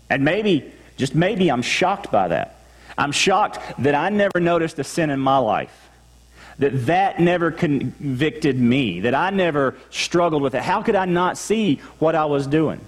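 A male pastor with a Texan accent preaches in a church sanctuary, his slightly high voice trailing a long reverb through the room. He talks to the congregation in a conversational way and acts out their replies. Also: expressive, unhurried. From Texas. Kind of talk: sermon.

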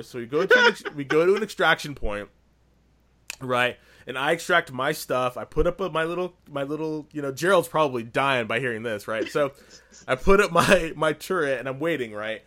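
A man retells a video game session in loose, casual podcast talk. He rambles and grows excitable, often restarting his sentences as he goes. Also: fairly high pitch.

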